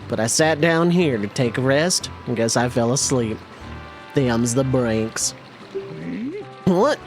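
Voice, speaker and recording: A streamer voicing a drowsy old male rancher in a video game, speaking in a slow, folksy country drawl. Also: mid-range voice, voice pushed down, natural voice. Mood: sheepish.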